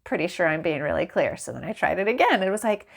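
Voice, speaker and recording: A woman vlogging casually to camera, animated and exasperated, laughing and acting out the exchanges as she tells them. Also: lowish voice, quick pace, vocal fry. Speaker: small business vlogger. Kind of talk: casual ranting vlog to camera.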